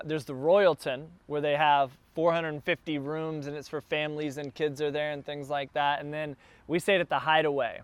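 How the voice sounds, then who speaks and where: A man telling a casual travel story, chatty and getting more excited as he goes. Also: a little high, clear, resonant tone, no room sound.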